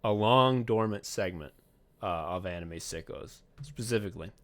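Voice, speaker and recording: A man's voice: fairly low pitch, normal speed, a bit bright. A man co-hosting a podcast in casual comedic chat, swearing often and acting out whiny voices in his retellings. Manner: profane, sardonic, acts out whiny voices. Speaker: podcast co-host.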